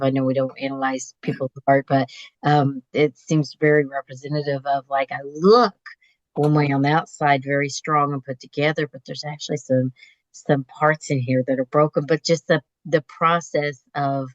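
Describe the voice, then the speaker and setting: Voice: mid-range voice, no echo, muffled recording. A host interviewing a guest, talking in an enthusiastic, reflective way with many fillers. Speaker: host, therapist. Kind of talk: conversational interview.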